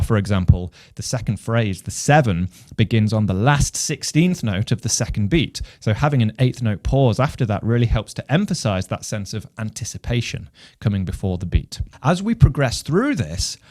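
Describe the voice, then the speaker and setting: A man, a composer and music teacher from England, giving a measured explanation of rhythm and counting beats aloud. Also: medium pitch, a little mellow, no echo, studio quality. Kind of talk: instructional explanation.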